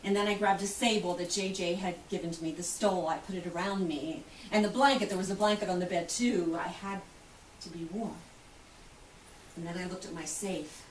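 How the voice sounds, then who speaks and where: A woman's voice: lowish voice, fairly even intonation, fairly quick, close to an everyday voice. An actress giving a theatrical first-person monologue as an outspoken, wealthy woman who survived the Titanic, telling the story vividly and acting out the voices of others. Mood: recounting. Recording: roomy, distant, faint hiss.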